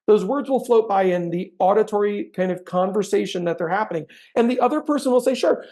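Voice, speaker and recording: A middle-aged man coaching real estate agents on closing techniques, with a gravelly, fry-edged voice. He keeps it conversational and slips into short acted-out sample lines to show how a script sounds. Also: high voice, quick pace, darkish tone. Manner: chatty, acts out sample sales lines. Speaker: sales trainer. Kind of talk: conversational training talk.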